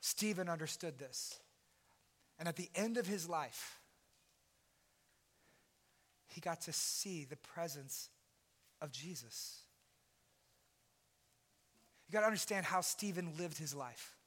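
A man preaching a sermon as pastor, impassioned and at times shouting. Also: a little high, expressive, unhurried, long pauses.

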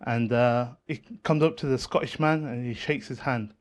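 A man's voice: medium pitch, normal speed. A man telling a joke in casual chat, rambling and correcting himself as he goes. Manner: rambling, self-correcting storyteller.

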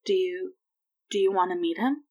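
A woman voicing a tired, tender adult mother who speaks softly and gently. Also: medium pitch, normal speed, close to an everyday voice. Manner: soft and gentle.

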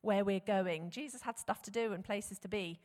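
A woman preaching a sermon, animated and conversational, often posing rhetorical questions to the congregation. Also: medium pitch, moderate pace. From England. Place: church hall. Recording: long hall reverb.

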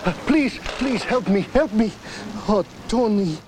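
An actor playing a fawning older shopkeeper with a broad fake Italian accent, loud and effusive. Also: male voice, sits high, animated, measured pace, a little hiss or hum, poor audio. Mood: distraught. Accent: exaggerated fake Italian.

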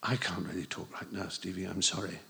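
A worn-out woman teacher, as a male narrator puts her on, speaking low and flat in a storybook reading. Her words come quiet and heavy, drained of life, and the voice stays fairly deep. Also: fairly quick, vocal fry, in a large hall, exaggerated voice. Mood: weary. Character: weary, bruised woman teacher, flat and tired.

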